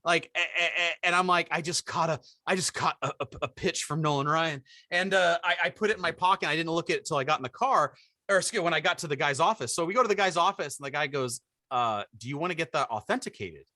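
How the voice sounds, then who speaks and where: A man's voice: fairly high pitch, fast talker, dry recording, studio quality. A man co-hosting a podcast, telling an anecdote in casual chat and acting out the people he quotes. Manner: animated storyteller, acts out quotes. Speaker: podcast co-host.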